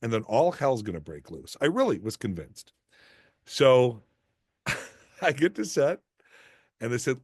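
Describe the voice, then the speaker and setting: A middle-aged man talks through anecdotes in a casual interview, self-deprecating and animated, often stopping and restarting mid-sentence. His voice sits in a medium register, and the sound is dry and close. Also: on the low side, normal speed, pauses often, dry recording. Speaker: actor and guest.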